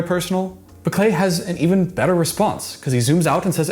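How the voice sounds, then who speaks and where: A man's voice: sits high, a little mellow. Earnest man breaking down a reality show. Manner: earnest, analytical, quick restarts. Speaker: reaction commentator. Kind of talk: casual video commentary.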